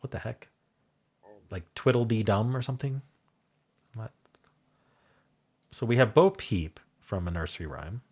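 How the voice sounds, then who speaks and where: A man with a deep voice and a touch of husk hosts a casual puzzle stream. He thinks out loud, wandering between guesses and doubting himself. He speaks close to a desk mic in a quiet home room. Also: lively intonation, unhurried, pauses often. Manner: thinks aloud, musing and unsure. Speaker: puzzle video host. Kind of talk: casual solo puzzle commentary.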